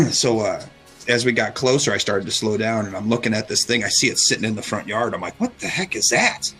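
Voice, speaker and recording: A middle-aged man hosts a radio talk show, casually telling a story and animatedly acting out the quoted lines. His voice is on the low side and a little fast, with faint music behind it on a low-quality recording.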